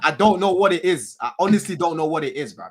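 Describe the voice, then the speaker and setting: A man's voice: on the high side, expressive, fast talker, husky. A man, casually talking football on a fan podcast, slangy and given to swearing and repeating himself. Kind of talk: casual banter.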